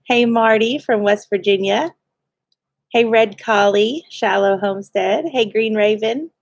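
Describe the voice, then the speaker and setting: A woman's voice: medium pitch, unhurried, vocal fry, dry recording, studio quality. A woman, co-hosting a homestead livestream and cheerfully greeting viewers by name with frequent laughs. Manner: cheerful, laughs often, reads viewer names.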